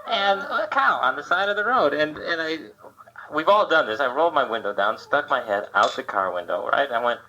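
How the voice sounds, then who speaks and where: A man in his thirties works a club crowd with dry, self-mocking stand-up, his voice sitting in an ordinary middle register. The old live tape sounds dull and lo-fi, with clear hiss running under it. Audience laughter comes up between his lines. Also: a little high, animated, a little fast, sharp tone. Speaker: stand-up comedian. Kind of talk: live stand-up comedy set. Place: comedy club stage.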